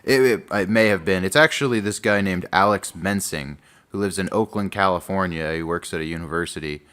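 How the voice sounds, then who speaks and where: A man with a low voice and a bright, forward edge co-hosts a talk podcast. He explains things at length in casual chat, often pausing on fillers. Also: clean tone. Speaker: podcast co-host.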